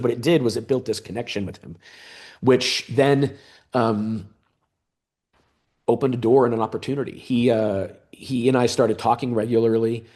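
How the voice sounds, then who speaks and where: A man in his fifties, a guest in an interview, telling a story in a conversational way, animated and often pausing on fillers. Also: medium pitch. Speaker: interview guest, former gaming executive.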